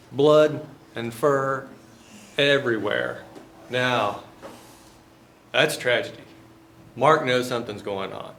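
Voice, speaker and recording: A man's voice: medium pitch, a little hiss or hum. A man, a business professor lecturing in a folksy, joking, conversational storytelling manner.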